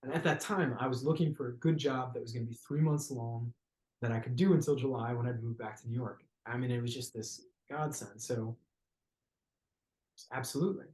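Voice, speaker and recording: A man in the middle of his voice range speaks as a podcast guest, telling a story in a thoughtful, searching manner. He pauses and restarts often, reaching for the right word. The recording has a noticeable roomy echo. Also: mid-range voice, a little mellow. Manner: searching, hesitant phrasing with frequent "like" and restarts. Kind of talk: reflective conversational storytelling.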